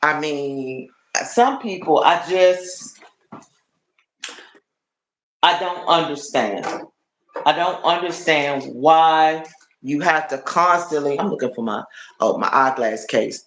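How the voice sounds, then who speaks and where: A man's voice: fairly high pitch, a little slow, a bit bright. A man chatting casually on a live stream, rambling and repeating his words as he talks to viewers. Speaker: livestreamer. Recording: roomy echo.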